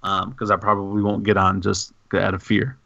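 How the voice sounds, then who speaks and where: A man co-hosting a gaming podcast, rambling excitedly and goofily in over-the-top praise. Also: lowish voice, normal speed, gravelly, no echo, muffled recording. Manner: excitable, goofy, hyperbolic rambling. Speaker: podcast co-host. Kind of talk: casual podcast chat.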